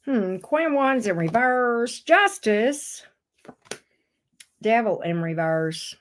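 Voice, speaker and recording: A woman's voice: a little high, sing-song, takes it slowly, a little hiss or hum. A woman, chatting casually while she gives tarot readings on a livestream, loose and joking. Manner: chatty and loose, laughs and swears, talks to chat and her pets.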